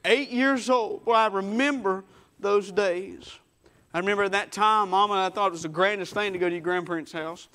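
Male preacher, high voice, folksy testimony storyteller. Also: moderate pace, bright, forceful tone, clean tone. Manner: folksy storytelling, acts out quotes. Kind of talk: sermon testimony.

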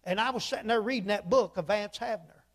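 A man's voice: high-pitched, quick pace. A man preaching a sermon. He tells folksy stories, repeats "he said", and builds to emphatic points. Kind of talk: sermon storytelling.

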